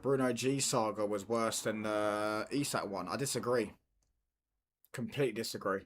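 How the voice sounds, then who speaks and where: At normal speed and a fairly low pitch, the young streamer talks football with his viewers over a little hiss or hum. It's relaxed live-stream chat, full of repeated lines and slangy back-and-forth.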